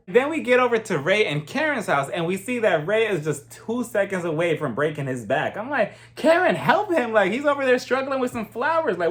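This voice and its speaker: A young man recapping a reality show in a sassy, animated storytelling manner with mocking asides. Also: high voice. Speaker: reality TV reviewer. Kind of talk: casual recap vlog.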